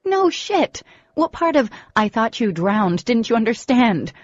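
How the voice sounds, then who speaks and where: Frantic, indignant teenage girl in an audiobook, raised voice, husky edge, dull recording, read by a woman. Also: lowish voice, normal speed, no room sound, lightly acted. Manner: shouting, indignant.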